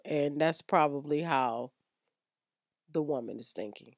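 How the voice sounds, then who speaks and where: A woman's voice: sits low, a little slow, long pauses, no room sound, studio quality. A woman hosting a frank sex-advice podcast, blunt and slangy as she lectures her listeners. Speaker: podcast host.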